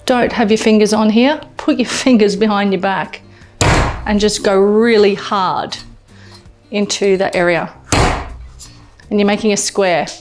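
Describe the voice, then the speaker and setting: This is a chatty, enthusiastic Australian woman presenting a casual home-kitchen cooking demonstration and exclaiming often. Her medium-pitched voice holds a steady tone, unhurried, with long pauses. Music plays under the recording.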